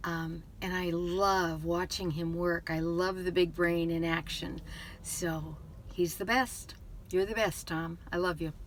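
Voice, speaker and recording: A woman in her seventies speaks tenderly to her husband on his birthday. She talks very slowly and calmly in a slightly low voice, with a faint noise behind her. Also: low-quality recording. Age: 70s. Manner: slow, tender, measured. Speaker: wife giving a birthday message. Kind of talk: heartfelt birthday message.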